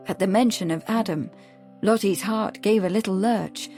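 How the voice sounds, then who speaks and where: A woman reading an audiobook aloud in steady, clear storytelling narration. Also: medium pitch, normal speed, music in the background. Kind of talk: scripted narration.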